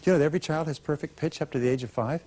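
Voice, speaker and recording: A man's voice: a little high, racing, darkish tone. A man giving a motivational seminar speech, emphatic and coaching the audience to repeat after him. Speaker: motivational speaker. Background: audience repeating lines.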